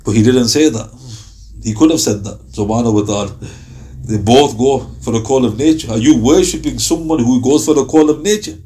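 A man teaches a Ramadan Quran commentary class, telling lively stories and reciting verses in Arabic. His voice is medium-pitched and his delivery brisk.

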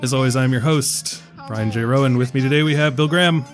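A man's voice: mid-range voice, fairly quick, soft background music. A man hosting a casual film podcast, joking and rambling as he retells conversations. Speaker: podcast host.

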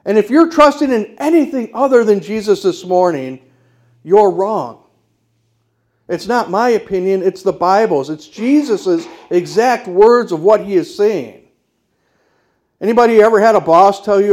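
A man's voice: high voice, expressive, unhurried, a little mellow. A man preaching a sermon as pastor, emphatic and declarative, putting rhetorical questions to the congregation.

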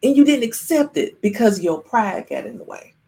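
A woman's voice: mid-range voice, sing-song, normal speed, vocal fry, warm tone, low-quality recording. A woman hosting a live-streamed spiritual talk, speaking to her viewers in a playful way and acting out little voices. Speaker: spiritual livestream host.

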